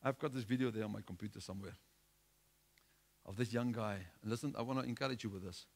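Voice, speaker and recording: A man's voice: fairly low pitch, fast talker, vocal fry. A man preaching a sermon, exhorting his listeners with repetition and restarts.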